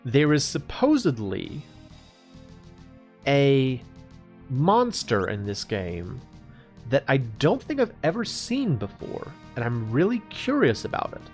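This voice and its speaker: A man's voice: mid-range voice, huge pitch swings, slow, darkish tone. A man hosting a let's play, rambling casually and playfully through gameplay commentary. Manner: playful, laughs often, rambling. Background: faint game music.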